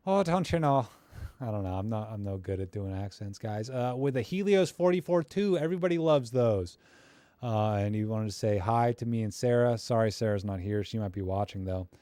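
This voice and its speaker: On a live stream, a man critiques photos sent in by viewers, chatting casually and rambling with plenty of fillers and self-deprecating humor while staying friendly and encouraging. His warm, fairly low voice moves quickly and has clean studio quality with no echo.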